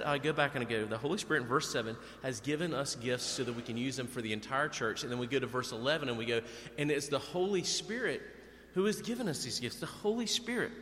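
A man preaching a sermon as pastor, animated and acting out quoted voices. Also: fairly high pitch. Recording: echoey hall with long reverb.

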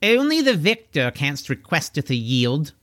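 A man's voice: a little high, very animated, unhurried, a bit bright, no room sound, clean studio sound. A man playing a pompous cheating knight. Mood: gloating. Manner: pompous, mock-olde-English speech. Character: pompous cheating adult knight, mock-archaic.

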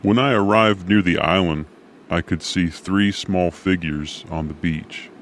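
Male narrator, low and slow, dry deadpan storyteller. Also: slight background noise.

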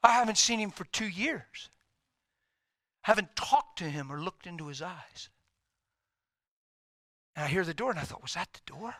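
Dramatic bright-voiced male preacher. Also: high-pitched, lively intonation, moderate pace, long pauses, no room sound, clean studio sound. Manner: dramatic, swinging from loud to hushed whispers. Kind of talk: sermon storytelling.

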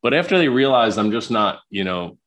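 A man's voice: lowish voice, sing-song, a little fast, fairly bright tone. A man from Queens, a psychologist talking as a podcast guest, chatty and prone to repeating his words. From Queens, New York. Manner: talkative, repeats words when starting sentences. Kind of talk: podcast interview conversation.

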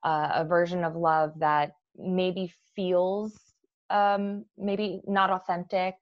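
A woman therapist speaks in a fairly low voice, working through ideas with frequent fillers and restarts. The sound is dry and close, with a slightly muffled, dull quality. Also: little pitch movement, slow pace, dry recording. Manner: explanatory, with many fillers and restarts. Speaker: therapist guest. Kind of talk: professional conversation.

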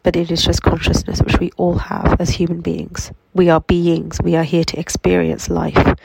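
Nasal woman with a cold, gravelly and flat. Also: on the low side, very noisy. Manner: slow, reflective, gently affirming. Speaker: healing coach. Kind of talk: spiritual self-help talk. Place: in bed at home.

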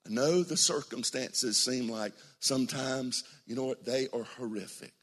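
An older man preaching a sermon as pastor, dramatic, swinging between hushed near-whispers and loud, shouted passages. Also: mid-range voice, measured pace.

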